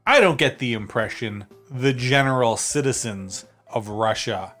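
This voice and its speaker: A man's voice: mid-range voice, expressive, a little slow, fairly bright tone, soft background music. A man co-hosting a casual podcast, chatty, laughing often and using many fillers. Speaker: podcast co-host.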